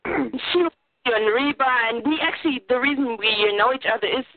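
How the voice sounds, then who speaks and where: A woman from Germany with a German accent, calling in excitedly and giggling between sentences. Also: on the high side, fast talker, dry recording. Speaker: caller. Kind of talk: phone call-in chat. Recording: tinny phone line.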